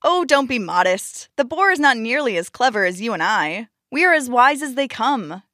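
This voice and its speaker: A woman voicing a sly, scheming male hare trickster in a storybook tale, smooth and wheedling. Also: on the high side, very animated, normal speed, sharp tone, no echo, clean studio sound.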